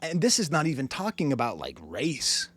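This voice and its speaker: A man's voice: a little high, huge pitch swings, moderate pace, fairly bright tone, breathy edge. A man from Boston hosting a music review show, talking in a rambling way full of "you know" and "uh". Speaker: music review show host, French professor. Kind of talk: casual video commentary.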